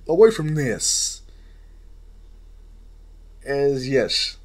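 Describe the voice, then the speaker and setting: A man casually narrating an improvised fan story, rambling with fillers and restarts. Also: fairly high pitch.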